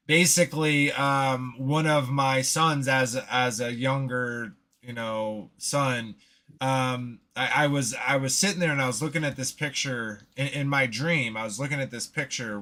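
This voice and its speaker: A man hosting a casual faith discussion, speaking haltingly and often restarting while he searches for the right words. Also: medium pitch, sharp tone. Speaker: host.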